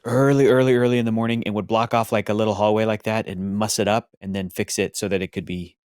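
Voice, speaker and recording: A man's voice: fairly low pitch, steady tone, fast, darkish tone, clear, resonant tone, no room sound, studio quality. A man co-hosting a movie reaction, chatting casually and joking, with film sound behind. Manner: jokey, puts on mock British voices.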